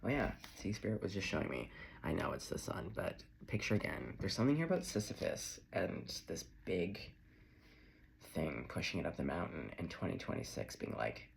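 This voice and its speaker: A man's voice: sits low, big pitch swings, moderate pace, vocal fry, a little hiss or hum. A man giving a casual, chatty tarot reading to camera, wandering off on tangents as he talks. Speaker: tarot reader.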